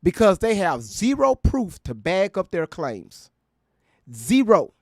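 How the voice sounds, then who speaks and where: A man's voice: sits high, sing-song, measured pace, no room sound, clean studio sound. Profane, mocking male commentary host. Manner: profane, mocking, laughs often. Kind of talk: casual reaction commentary.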